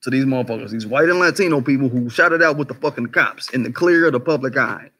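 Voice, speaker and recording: A man hosting a casual livestream commentary, talking in an animated, conversational way, swearing freely, firing off rhetorical questions and greeting chat viewers by name. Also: medium pitch, quick pace, slightly rough. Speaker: commentary channel host.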